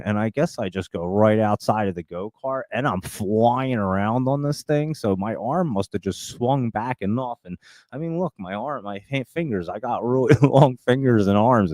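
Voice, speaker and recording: Middle-aged guy with a real low voice, rambles and laughs a lot, cusses, dry mic. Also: darkish tone, dry recording. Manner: rambling, laughs often, swears freely. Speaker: host of a live stock show. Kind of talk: casual storytelling to viewers.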